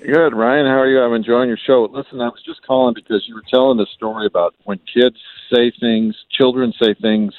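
A man's voice: medium pitch, fairly even intonation, fairly quick, dry recording. A middle-aged man calling in to a radio show, telling a funny family story in a folksy, wry way. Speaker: caller. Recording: muffled phone line.

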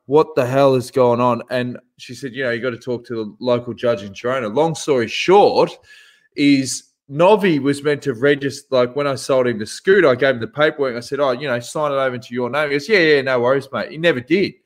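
A man co-hosting a casual podcast, telling a story with lively acted-out voices. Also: mid-range voice, brisk. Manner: animated, acts out voices in his stories. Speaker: podcast co-host.

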